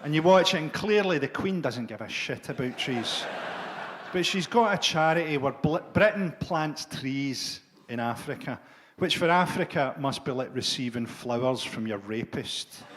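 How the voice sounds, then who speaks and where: A middle-aged man doing a dark, sardonic stand-up set, swearing freely. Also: medium pitch, expressive, normal speed, noisy background. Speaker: stand-up comedian.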